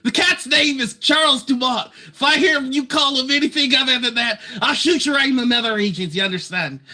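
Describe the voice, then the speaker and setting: Man doing a foul-mouthed shouty crossbow girl. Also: sits high, fast talker. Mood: profane shouting. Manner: yelling, swearing, threatening. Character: short fiery young female crossbow fighter.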